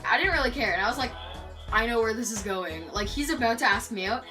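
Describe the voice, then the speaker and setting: A woman's voice: on the high side, quick pace, recorded from a distance. Teen girl telling a storytime. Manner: animated storytelling, acting out quotes. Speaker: vlogger. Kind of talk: storytime vlog. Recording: voice off-mic with loud background music.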